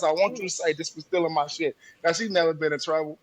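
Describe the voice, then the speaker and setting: Fast and fairly high-pitched, with no echo, this podcast co-host recounts a parenting anecdote in casual conversation. Animated and laughing, he performs the quotes as he goes.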